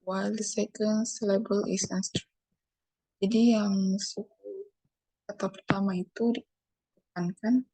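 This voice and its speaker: A woman's voice: mid-range voice, warm tone, dry recording, low-quality recording. A young woman from Indonesia with an Indonesian accent, giving a careful bilingual classroom presentation that moves between English and Indonesian. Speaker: student presenter.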